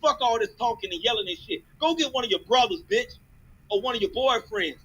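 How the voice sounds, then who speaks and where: A man furiously yelling profane insults in an online audio chat room, speaking into a phone. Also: very high-pitched, expressive, brisk, breathy edge, rough recording. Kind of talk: heated argument.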